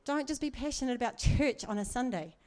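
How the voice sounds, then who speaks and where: A woman's voice: a little high, fairly quick, a little mellow. A middle-aged woman preaching in a chatty, earnest way, with asides and laughs. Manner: conversational, earnest, laughs often, many asides. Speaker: church speaker. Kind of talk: sermon.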